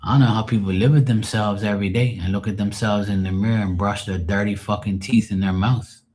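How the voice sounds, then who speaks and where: Frustrated, low-voiced man venting. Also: fairly even intonation, brisk, darkish tone. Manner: frustrated, rambling, swears often. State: sad, emotionally drained. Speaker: live stream host. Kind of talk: emotional unscripted monologue.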